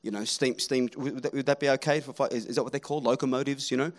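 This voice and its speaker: A man preaching a sermon, animated and rallying the crowd, swinging between loud calls and hushed moments. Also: medium pitch, quick pace.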